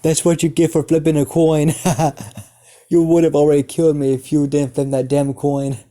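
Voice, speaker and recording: A man's voice: medium pitch, level tone, takes it slowly, dark tone. A man voicing a psychotic, cackling male clown villain in a fan-made story, taunting his captors.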